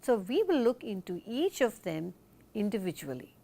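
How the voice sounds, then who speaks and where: A woman teaching a recorded lesson in a deliberate, explanatory way. She asks the viewer questions and then answers them herself. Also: mid-range voice, sing-song, vocal fry, warm tone.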